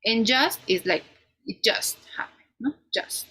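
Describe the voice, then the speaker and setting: A woman teaching an English grammar class, explaining slowly and ending many points with "no?". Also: a little high, expressive, sharp tone, husky, rough recording. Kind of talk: online class lecture.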